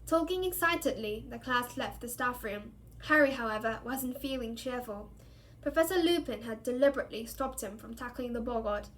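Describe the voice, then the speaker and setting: A woman's voice: a little high, moderate pace, fairly bright tone, poor audio. A woman reading a novel aloud for a book club, narrating steadily and expressively.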